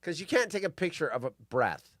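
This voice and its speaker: A man in his fifties hosts a solo podcast and rants in loose, profane stories. His pitch swings widely as he mocks people, and his voice sits fairly high for a man. The sound is close and dry. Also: brisk, dry recording. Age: 50s. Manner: profane, animated storytelling with mocking put-on voices. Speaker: podcast host. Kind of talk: casual solo podcast rant.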